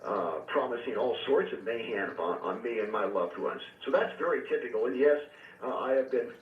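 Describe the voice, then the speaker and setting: Earnest reverend on a tinny phone line. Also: male voice, medium pitch, animated. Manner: earnest, measured, storytelling with frequent fillers. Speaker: reverend and exorcist, radio guest. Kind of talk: recounting experiences on a call-in radio show. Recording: tinny phone line, echoey and distant, faint hiss.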